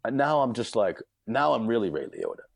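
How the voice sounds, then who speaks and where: A man's voice: medium pitch, sing-song, a little fast, gravelly, no room sound. A man, a podcast guest, telling a comic story with big energy, often laughing mid-sentence and acting out the quotes.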